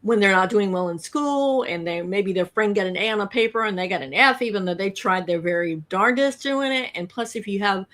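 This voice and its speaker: A woman's voice: mid-range voice, a little fast, hardly any pauses, a bit bright. A woman hosting a podcast interview, asking long, conversational questions. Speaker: podcast host.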